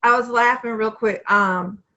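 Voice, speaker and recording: A woman's voice: on the high side, fairly even intonation, a little slow, sharp tone, lo-fi sound. A woman co-hosting a podcast, chatting casually about a movie and laughing easily over a video call. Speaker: podcast co-host. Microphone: home computer mic on a video call.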